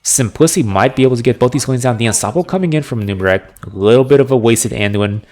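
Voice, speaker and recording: A male esports caster calling a match live, breaking down plays in quick analytical commentary. His voice sits in an ordinary middle pitch and jumps up with excitement when a fight breaks out.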